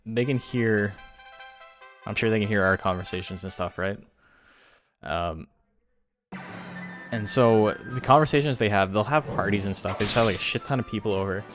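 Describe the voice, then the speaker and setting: A man's voice: fairly low pitch, moderate pace, pauses often, fairly bright tone, soft background music. A young man hosting a game tournament stream, chatting casually with a profane, rambling manner between play-by-play calls. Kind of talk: casual live-stream commentary.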